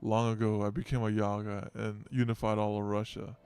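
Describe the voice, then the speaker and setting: A man's voice: on the low side, flat delivery, fairly quick, darkish tone, clean tone, soft background music, lightly acted. A man voicing an aging giant beast-tsar in a game story, reading in a grave, solemn way. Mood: brooding.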